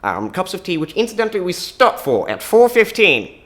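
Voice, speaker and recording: A man voicing a haughty upper-class gentleman, talking pompously. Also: high voice, wildly swooping pitch, normal speed, full character voice.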